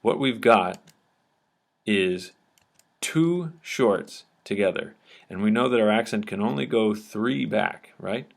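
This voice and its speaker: A man with a somewhat low voice walks through a lesson at a patient pace. He explains each step and keeps checking that his listeners are following along. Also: takes it slowly, vocal fry. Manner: patient, checks understanding often with "okay?". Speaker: teacher. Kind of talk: explanatory lecture at a board.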